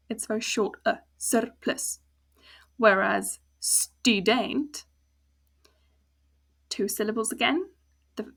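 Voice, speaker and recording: A woman's voice: a little high, gravelly. A woman with a South African accent teaching a language lesson, patiently breaking words into sounds and syllables. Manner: patient, slow explaining with spelled-out sounds. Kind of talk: casual spoken lesson.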